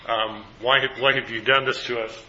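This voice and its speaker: Bright-voiced man leading a Bible study. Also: medium pitch, fairly even intonation, moderate pace, lo-fi sound, slight background noise. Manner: asks the group questions, then recaps answers.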